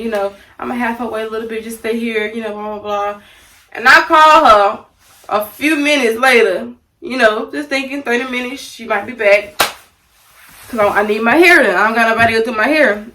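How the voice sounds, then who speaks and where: A young woman from Louisiana tells a casual storytime to her viewers, animated and chatty, calling them y'all. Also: medium pitch, far from the mic, low-quality recording. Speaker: vlogger.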